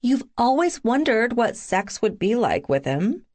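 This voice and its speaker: A brash, crude young woman friend who pushes and teases without letting up, as a woman narrator puts her on. She sounds higher than the narrator's own voice, lively and insistent, in an audiobook reading. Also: unhurried. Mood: teasing. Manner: pushy, crude, teasing.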